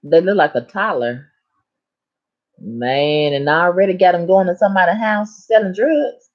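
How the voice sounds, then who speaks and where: A woman hosting a live stream in casual chat, reading viewer comments aloud and answering them in a sassy, animated way with big swings in pitch. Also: moderate pace, lo-fi sound.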